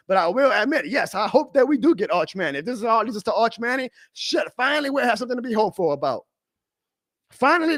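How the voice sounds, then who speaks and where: Male stream host, high voice, heated profane rant, dead-dry sound. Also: no room sound. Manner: profane, heated ranting, swings to shouting. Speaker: fan show host.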